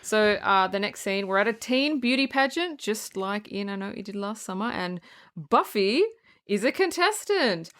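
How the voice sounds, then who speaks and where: A woman's voice: mid-range voice, lively intonation, fairly bright tone. A woman co-hosting a podcast, casually recapping a film's scenes and acting out characters' lines. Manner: retells scenes, acting out lines in quick put-on voices. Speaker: podcast co-host. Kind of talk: casual movie review chat.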